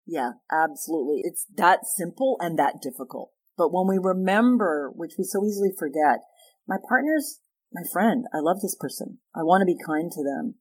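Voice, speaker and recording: A woman therapist as a podcast guest, explaining ideas through animated stories and acted-out dialogue. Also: fairly low pitch, normal speed, slightly rough. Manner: animated storyteller, acts out quoted dialogue. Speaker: guest sex therapist and psychologist. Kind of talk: conversational podcast interview.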